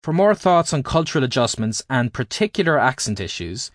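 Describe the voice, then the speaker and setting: A man from Ireland, reading his own language-learning book aloud in a clear, explanatory teaching manner. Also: medium pitch, big pitch swings, a little fast, dry recording, studio quality. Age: adult, at least 20s. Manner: explanatory, carefully paced teaching delivery. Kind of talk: scripted audiobook narration.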